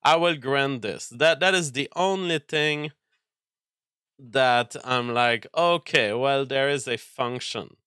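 A man's voice: mid-range voice, pushed and bright, smooth, dry recording, clean studio sound. A man hosting a casual livestream, answering chat with mock-angry, profane rants and stammering restarts. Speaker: livestream host reading chat.

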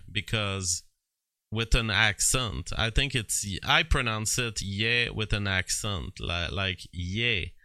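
A man's voice: lowish voice, pushed and bright, clean tone, no echo. A man from Quebec hosting a livestream, commenting on news and reading viewer chat with frequent fillers and restarts. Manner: slow, drawn-out delivery with frequent fillers and restarts.

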